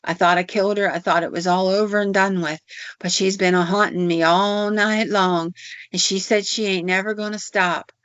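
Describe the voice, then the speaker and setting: A woman's voice: medium pitch, steady tone, normal speed, a bit bright, clear, resonant tone, no echo, close to an everyday voice. A woman voicing a frightened, guilty farmer, pleading desperately. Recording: dull lo-fi audio.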